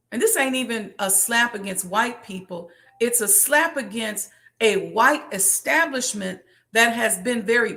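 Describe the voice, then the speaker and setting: A woman's voice: on the high side, a bit bright. A woman hosting a business question show, talking in an impassioned, preachy monologue and repeating phrases for emphasis.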